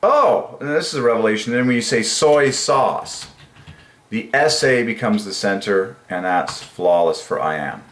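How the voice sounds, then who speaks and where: A man talks slowly to his own channel, thinking aloud with enthusiasm and turning words over again and again. His voice sits low but now and then jumps up into a sing-song tone. The room around him is echoey. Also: expressive, fairly bright tone. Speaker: channel host. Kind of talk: casual solo commentary on word numerology.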